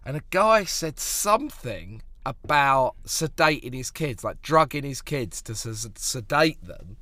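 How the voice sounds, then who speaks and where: A man, a comedian co-hosting a podcast, chatting casually with quick asides and swearing. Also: medium pitch, very animated, sharp tone, no echo.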